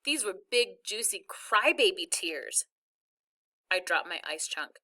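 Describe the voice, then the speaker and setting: Bright-voiced woman reading a story. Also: mid-range voice, expressive, slow pace. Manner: plain storytelling. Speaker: narrator. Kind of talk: first-person story reading.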